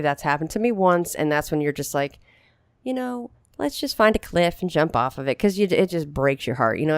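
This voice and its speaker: A woman interviewing guests in a casual chat, her voice husky as she gets over a cold. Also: deep voice, darkish tone, no echo, studio quality. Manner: chatty, sympathetic. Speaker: radio interviewer.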